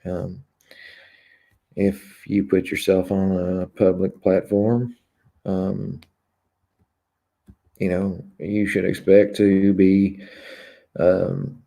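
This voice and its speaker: A man hosting his own live stream, reading out viewer comments and talking frankly in a hesitant way with many pauses. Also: deep voice, little pitch movement, creaky, mellow. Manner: candid and confessional. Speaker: YouTube channel host.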